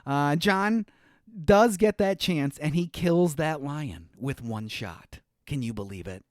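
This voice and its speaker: A man co-hosting a podcast, walking through a movie in loose, rambling chat. His voice sits fairly high and swings widely in pitch as he hunts for words and chuckles along. The sound is close and dry. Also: lively intonation, slow, dry recording. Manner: rambling, searches for words, laughs often. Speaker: podcast co-host. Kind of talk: casual movie recap chat.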